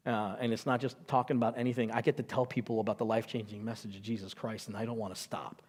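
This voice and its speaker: A man's voice: fairly low pitch, little pitch movement, fast, hardly any pauses, darkish tone. A man preaching a sermon, telling stories in a chatty way and acting out the quotes. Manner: chatty storytelling with acted-out quotes. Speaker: pastor. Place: church auditorium.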